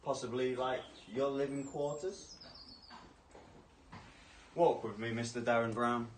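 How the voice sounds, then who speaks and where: A man's voice: mid-range voice, fairly even intonation, unhurried, slight background noise, lightly acted. A man playing a haughty, vain king who talks down to everyone in a grand, mocking manner, recorded from a distance outdoors. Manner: grand, condescending, mocking, rising to furious shouts. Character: pompous arrogant male king, haughty and vain. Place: outdoors near stables. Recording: distant outdoor clip with faint ambience.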